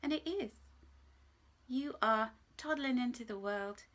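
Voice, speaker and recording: A woman giving a live angel card reading in a gentle, reassuring way. She is emotional, laughs often, and at times drops to a soft whisper. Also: fairly high pitch, a little slow.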